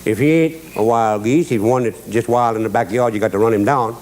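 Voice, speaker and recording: A man's voice: medium pitch, a little fast, darkish tone. A man with a Cajun Louisiana accent hosts a cooking show, drawling and joking as he walks through a recipe and chuckles at his own lines. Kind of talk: folksy cooking demonstration with storytelling.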